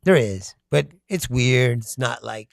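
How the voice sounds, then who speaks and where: A man from Kentucky, chatting casually with his viewers, telling loud stories and laughing often. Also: medium pitch, expressive, measured pace, vocal fry, no echo. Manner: laughing often, loud storytelling with sudden shouts. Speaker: comedian streamer. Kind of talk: casual chat with live chat.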